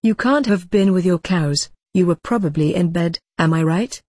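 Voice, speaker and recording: A storyteller voicing a gruff, angry male farmer who phones a neighbor in the night, blustering and accusing. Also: medium pitch, moderate pace, a little mellow, dry recording, studio quality, natural voice.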